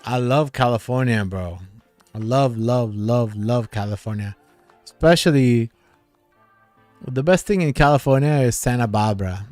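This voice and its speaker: A man's voice: medium pitch, normal speed, a little mellow, soft background music. A man hosting a livestream, reading viewers' comments aloud in casual chat and laughing often.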